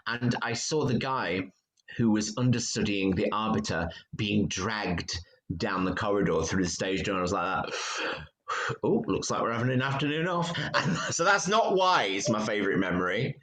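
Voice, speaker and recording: Animated chatty British man telling stories. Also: moderate pace. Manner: animated storyteller, acts out quotes with big pitch jumps. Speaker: guest, theatre actor. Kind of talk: casual chat.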